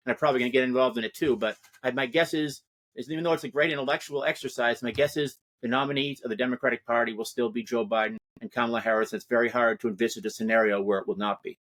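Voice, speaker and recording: A man giving an animated, discursive account as an interview guest discussing politics. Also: mid-range voice, racing. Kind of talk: casual interview talk.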